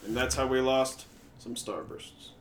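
A man's voice: medium pitch, fairly even intonation, measured pace, distant mic, over a noisy crowd. Young man with dry, wry podcast quips. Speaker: podcast co-host. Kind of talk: casual chat. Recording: echoey room with faint noise.

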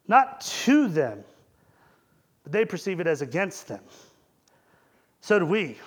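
High-voiced male preacher. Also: very animated, slow pace, breathy edge. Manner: conversational, asks rhetorical questions. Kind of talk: sermon.

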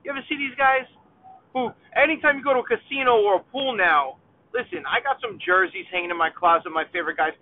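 A man's voice: extremely high pitch, lively intonation, fast. A man, ranting comically to the viewer while driving in a car, chatty and exasperated. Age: 30s. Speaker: vlogger. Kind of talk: rambling comedic rant while driving. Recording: tinny phone-like sound, dry.

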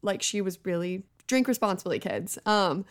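A woman's voice: mid-range voice, moderate pace. A young woman in her twenties co-hosting a podcast, recounting a story in a sheepish, self-deprecating way. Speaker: podcast co-host. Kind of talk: casual chat.

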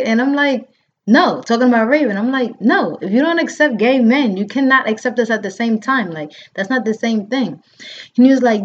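A woman's voice: a little high, fairly quick. A woman in her thirties telling a story in casual chat, acting out the lines of the people in it and using many fillers. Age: 30s. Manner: animated, acts out quotes, frequent fillers. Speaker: podcast host. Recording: dull lo-fi sound.

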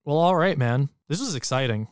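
A man's voice: on the high side, expressive, a little fast, clean tone, dry recording, studio quality. A man co-hosting a movie podcast in casual chat, laid-back and joking, swearing now and then. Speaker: podcast co-host.

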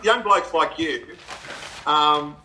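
A middle-aged Australian man, a guest in a casual chat, telling animated stories with laughs and acted-out quotes. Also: fairly high pitch, takes it slowly, slight background noise, poor audio.

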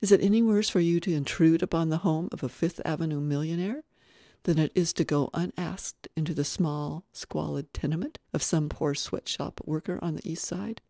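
A stern, commanding lady ghost, put on by a storybook reader, firm and sarcastic. The voice sits mellow and dark, close and dry with no room around it. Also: medium pitch, moderate pace, no echo, natural voice. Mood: cool. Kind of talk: audiobook reading.

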